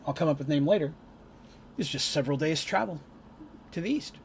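A man's voice: on the high side, a little fast, slight background noise, lightly acted. A man doing a dutiful patrol knight. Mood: reporting. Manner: formal, slightly broken speech.

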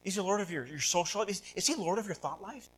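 A male pastor preaching a sermon, asking rhetorical questions and swinging between loud, animated passages and hushed ones. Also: high-pitched, fast talker, slight background noise, poor audio. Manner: rhetorical questions, repeats words.

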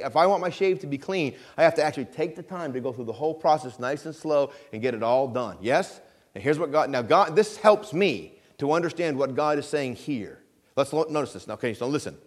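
A middle-aged man preaching a conversational sermon in a church, often checking in with the congregation and slowing down to stress scripture. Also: mid-range voice. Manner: conversational preaching with frequent call-and-response checks; slows down to stress scripture phrases. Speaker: pastor. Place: church sanctuary.

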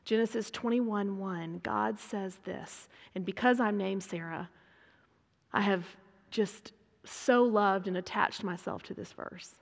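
A woman preaching a sermon, dramatic and swinging between hushed whispers and loud emphasis. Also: medium pitch. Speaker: speaker preaching to a women's gathering. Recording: long reverb of a large hall.

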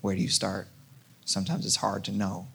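Male pastor, low gravelly voice, chatty sermon delivery, jokey asides. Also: monotone, fairly quick, fairly bright tone. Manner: conversational, jokey, many restarts.

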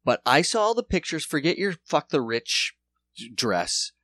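A man's voice: a little high, big pitch swings, normal speed, a bit bright, no room sound. Rambling, sarcastic podcast man. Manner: rambling, sarcastic, swears a lot. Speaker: podcast co-host. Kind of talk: casual profane chat.

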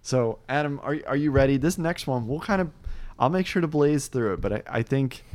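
A man's voice: medium pitch, lively intonation, a little fast, darkish tone. A man hosting a casual podcast, upbeat and chatty, rambling with fillers and frequent laughs. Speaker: podcast host.

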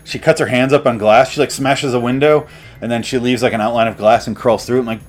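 A man's voice: mid-range voice, steady tone, fairly quick, faint music behind. Sarcastic profane young man reviewing a movie. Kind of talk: comedic movie review rant.

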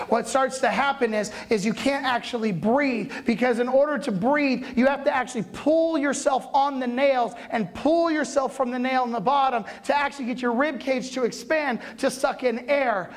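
A man preaching, retelling a story with dramatic swings from hushed lines to shouts and speaking straight to his listeners. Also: extremely high pitch. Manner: addresses listeners directly. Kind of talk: sermon storytelling.

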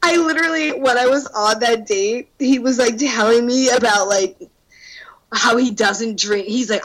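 A young woman telling a dating story in casual podcast chat. She is animated, swears freely and laughs through her words. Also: on the high side, normal speed, rough recording.

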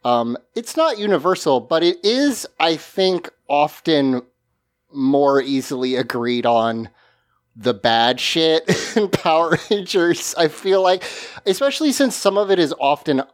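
A man's voice: a little high, expressive, unhurried, dry recording. A man hosting a casual podcast, talking in a rambling, hesitant way with many restarts. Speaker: podcast host.

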